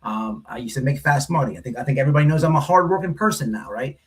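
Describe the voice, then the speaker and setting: A livestream host tells a story in a casual monologue, blunt and rambling, full of profanity, repeating himself and saying "right?" often. His voice is medium pitch and fast.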